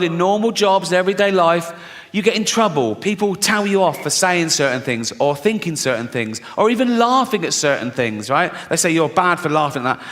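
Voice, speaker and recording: Bright-voiced male stand-up comedian in a reverberant theatre. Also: high-pitched. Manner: chatty storytelling, often tagging lines with "right?" and swearing. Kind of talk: live stand-up set. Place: large theatre stage. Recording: echoey theatre with audience in the room.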